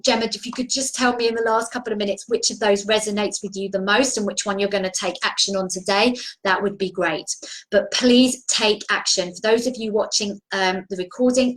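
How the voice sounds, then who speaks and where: A woman's voice: medium pitch, low-quality recording. Earnest woman coaching on a live stream. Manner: earnest, encouraging, repeats and restarts. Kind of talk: live video talk. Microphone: video call.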